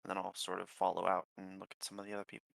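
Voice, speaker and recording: A man's voice: deep voice, monotone, racing, gravelly, a bit bright, dry recording. A man playing a tabletop game, hesitant, asking twice about details. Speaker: player. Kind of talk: casual play at a tabletop game.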